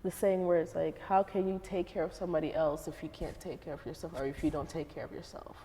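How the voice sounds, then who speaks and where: Chatty woman host, mellow voice. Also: low voice, little pitch movement, fast talker, big-room sound, slight background noise. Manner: chatty, laughs often, says "like" a lot. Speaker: interviewer and show host. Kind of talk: casual interview chat.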